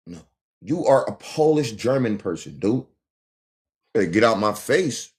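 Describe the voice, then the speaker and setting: A man's voice: fairly low pitch, very animated, unhurried, a little mellow. A man hosting a livestream, talking straight at his viewers in a confrontational, taunting rant. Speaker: livestream host. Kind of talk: ranting livestream monologue. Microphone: phone livestream.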